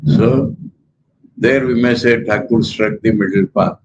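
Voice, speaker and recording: An older man with an Indian accent, a monk giving a spiritual lecture in a measured, emphatic way that repeats key words. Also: on the low side, fairly even intonation, muffled recording, background noise.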